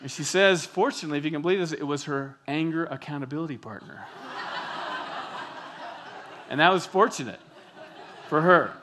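Bright-voiced man preaching a sermon. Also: fairly high pitch, moderate pace, pauses often, slight background noise. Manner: animated storytelling, acts out quotes. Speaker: pastor.

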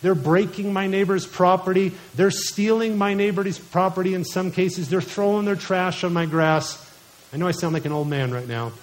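A man in his thirties with a notably high voice delivers a sermon. He preaches earnestly, weaving family stories together with quoted scripture. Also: steady tone, moderate pace, low-quality recording. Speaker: pastor.

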